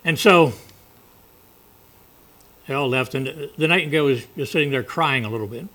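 A man's voice: medium pitch, a little fast, long pauses, bright, forceful tone. A male preacher giving a folksy, conversational sermon with asides.

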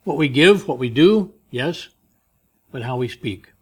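A man preaching a sermon in a conversational way, moving between loud, emphatic reading and quiet asides. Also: medium pitch, lively intonation, unhurried, breathy edge. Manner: reads scripture and commentaries aloud with rising emphasis. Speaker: pastor.

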